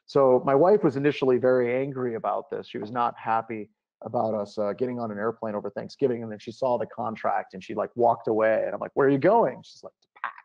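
A man giving a conference keynote, telling an animated story and jumping into high pitch for the voices he quotes. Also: quick pace, creaky, muffled recording. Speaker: keynote speaker. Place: conference stage.

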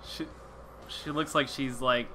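A man's voice: mid-range voice, steady tone, measured pace, bright, forceful tone, a little hiss or hum. A man giving casual, joking let's-play commentary, swearing often and restarting his sentences. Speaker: gamer playing through a game.

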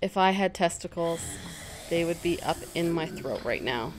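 A woman hosting a casual let's-play, chatty and self-mocking, quickly startled into yelps. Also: lowish voice, lively intonation, background noise. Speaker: gaming channel host.

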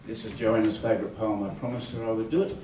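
An Australian man performing a comic bush poem live in a hall, theatrical and lively, with chuckling asides. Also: fairly low pitch, quick pace, slight background noise. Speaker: folk club performer. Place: large hall, live concert. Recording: echoey hall, from far off, music.

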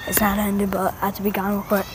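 A woman vlogging casually to her viewers in a backyard, excitable and slangy. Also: medium pitch, quick pace. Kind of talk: casual vlog chat. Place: outdoors at home, backyard. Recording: loud outdoor background noise.

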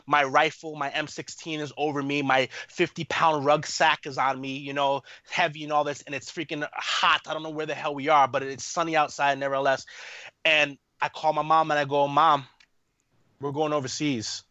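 Man in his thirties, animated storyteller, tense bright voice, muffled dry recording. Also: fairly high pitch, moderate pace, no echo. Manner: animated, rambling, heavy fillers. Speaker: podcast guest, army veteran. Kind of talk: storytelling in a casual interview.

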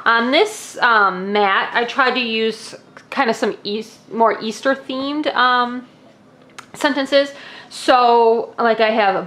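A woman's voice: a little high, steady tone, slow pace, a bit bright. A young woman casually demonstrating classroom activities, explaining each step with friendly "um"s.

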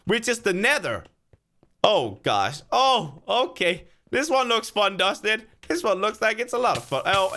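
A gaming video creator with a high voice gives casual let's-play commentary. He's excitable, talking to himself and cheering himself on, with sudden loud outbursts of frustration and joy.

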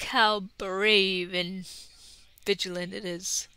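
Bright-voiced woman chatting while opening cards. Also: fairly low pitch, measured pace, smooth, no echo. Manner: chatty, murmurs to herself, bursts into excited squeals. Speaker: YouTube creator. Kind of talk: casual card-opening vlog.

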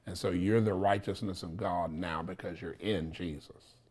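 Insistent low-voiced male preacher. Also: steady tone, normal speed, a little mellow. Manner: repetitive, insistent teaching with frequent "okay?" check-ins. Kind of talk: sermon.

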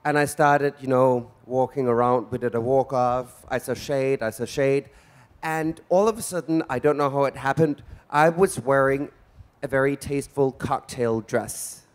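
A man in his forties, performing as a drag queen, hosts a live event on stage before an audience with flamboyant, theatrical camp banter. His voice is clear and resonant, medium in pitch, at a normal speed.

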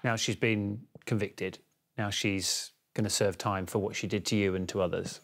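A male news presenter introducing a story and asking measured, probing questions in an interview. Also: lowish voice, fairly even intonation, creaky, a bit bright.

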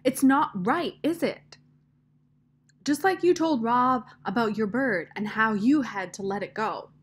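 A woman's voice: on the high side, expressive, measured pace, husky. A woman voicing a stubborn young girl who insists and accuses. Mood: indignant.

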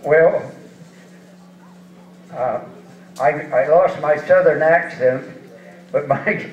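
A man's voice: fairly high pitch, drawn-out words, slight background noise. A man in his eighties from eastern Washington, telling folksy, chuckling rodeo stories in an onstage interview. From eastern Washington, USA. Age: 80s. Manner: folksy, chuckling, rambling anecdotes. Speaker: rodeo hall of fame inductee, interviewee. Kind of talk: storytelling on stage interview. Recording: distant, echoey and dull hall sound.

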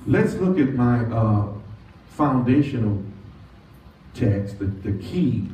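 A pastor with a medium-pitched, dark voice and big pitch swings preaches a sermon in a church sanctuary, leading call-and-response and stretching out key words with slow, drawn-out emphasis. The recording is distant and echoey, with dull lo-fi audio and faint noise.

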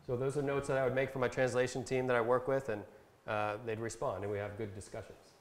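A man presenting a Bible translation workshop, explaining step by step in a casual instructional style with fillers, and reading verses slowly. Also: mid-range voice, steady tone. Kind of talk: casual instructional talk with screen demo. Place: talk given at a camp session. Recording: echoey room sound.

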